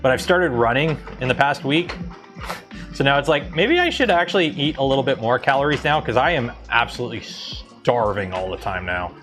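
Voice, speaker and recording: A man from Canada hosts a casual livestream, chatting loosely with viewers in a mid-pitched voice. He rambles, filling pauses with ums and correcting himself mid-sentence. Faint music plays behind him. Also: lively intonation, a bit bright. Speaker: livestream host.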